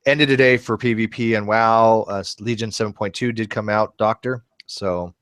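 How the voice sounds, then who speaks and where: A man hosting an online video hangout in casual chat, animated, blunt and quick to swear. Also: lowish voice, clean tone, no echo, clean studio sound.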